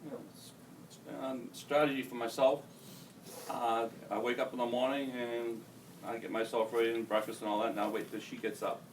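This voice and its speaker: A man's voice: medium pitch, level tone, normal speed. A man on a discussion panel, talking in a plain, folksy way about his daily routine with his wife, with many fillers. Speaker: panelist, spouse of a brain injury survivor. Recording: distant mic, faint room noise.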